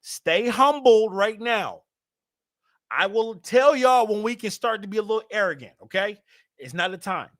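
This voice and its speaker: Hyped high-voiced man hosting a fan stream. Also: moderate pace, no echo, clean studio sound. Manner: animated, hyped, talks to the chat. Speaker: fan show host. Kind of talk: livestream fan talk.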